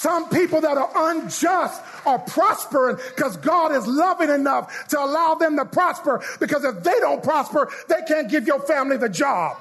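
A man a sermon, calling out to the congregation and leading call-and-response, his lines half sung and shouted. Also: very high voice, lively intonation, normal speed, few pauses. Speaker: pastor.

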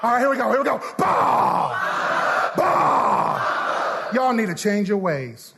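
A man a sermon, calling out to the congregation and leading call-and-response, his lines half sung and shouted. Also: high-pitched, big pitch swings, quick pace, creaky, a loud crowd, heavy background noise. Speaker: pastor.

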